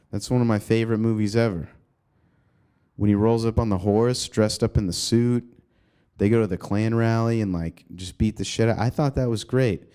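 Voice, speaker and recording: A male comedian hosting his own podcast, ranting casually and profanely, rambling with sudden jumps in pitch, recorded in an apartment. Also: warm tone, clean tone. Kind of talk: casual solo podcast rant.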